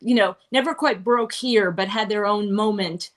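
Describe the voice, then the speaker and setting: A woman's voice: medium pitch, normal speed. A middle-aged woman from Manhattan, chatting as an interview guest in a rambling way, full of fillers and asides. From Manhattan, New York. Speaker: guest performer. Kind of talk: casual interview chat. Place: restaurant, live-streamed.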